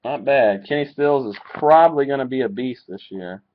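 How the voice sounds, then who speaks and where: A man's voice: medium pitch, normal speed, a little hiss or hum. Man calling card pulls on dull webcam audio. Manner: excitable, reacts to pulls. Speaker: card breaker. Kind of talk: live card break commentary. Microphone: webcam mic.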